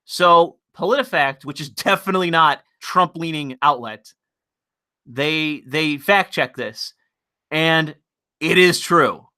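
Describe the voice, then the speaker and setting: A man's voice: a little high, takes it slowly, pushed and bright, smooth. A man hosting a livestream, ranting casually in a profane, rambling, mocking way. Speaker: livestream host.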